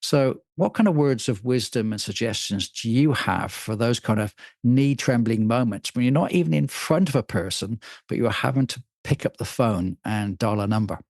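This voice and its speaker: A man hosting a podcast, asking questions and commenting in a measured, conversational way. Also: mid-range voice, a little mellow, dry recording, clean studio sound. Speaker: podcast host. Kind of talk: interview questions and remarks.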